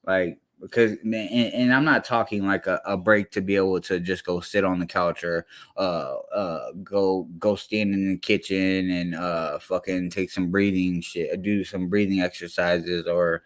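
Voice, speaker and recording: Heated low-voiced man ranting. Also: steady tone, unhurried. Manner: heated, blunt, heavy slang. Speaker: commentary streamer. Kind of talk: profane reaction rant.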